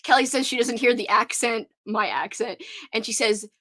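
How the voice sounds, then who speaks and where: Young woman, Cajun accent, giggly rambling livestream host, slightly high voice, dry close sound. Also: normal speed, pushed and bright, dry recording. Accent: Cajun Louisiana. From Louisiana. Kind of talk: casual livestream chat.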